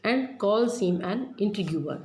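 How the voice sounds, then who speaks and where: Slow-explaining woman teacher, echoey room. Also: mid-range voice, animated, darkish tone. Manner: reads a line then paraphrases it slowly. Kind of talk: explaining a play line by line. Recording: echoey room with faint noise.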